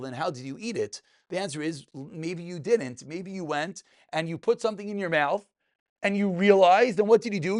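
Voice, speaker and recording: Animated high-voiced man teaching a class. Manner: animated, joking, asks and answers his own questions. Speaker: rabbi teaching a Talmud class. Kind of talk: lively spoken Torah class. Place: class room with live students.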